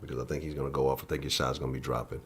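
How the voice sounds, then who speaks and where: A man's voice: very deep voice, level tone, racing, husky. A man hosting his sports channel in a casual live-stream chat from his home office, profane and loose.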